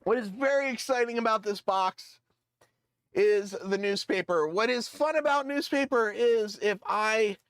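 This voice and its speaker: A man with a notably high voice talks loosely on a live stream, reading a letter aloud with frequent fillers and jokey, self-deprecating asides. The sound is dry and close, with no room around it. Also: measured pace, fairly bright tone, clear, resonant tone, no room sound. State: voice cracking. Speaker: model railroad streamer.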